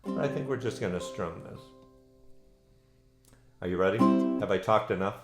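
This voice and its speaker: A man's voice: on the low side, moderate pace, loud music behind the voice. A man hosting a live online ukulele lesson, chatty and encouraging, with many ums and uhs. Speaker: ukulele teacher and host. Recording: roomy echo with ukulele playing.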